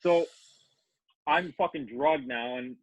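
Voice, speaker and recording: A man's voice: fairly high pitch, big pitch swings, takes it slowly, vocal fry, a crowd in the background. A man telling a long, profane story in casual podcast chat, full of quoted back-and-forth and filler words. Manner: profane, rambling anecdote with acted-out quotes. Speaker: podcast guest. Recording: dry, phone-like narrow sound.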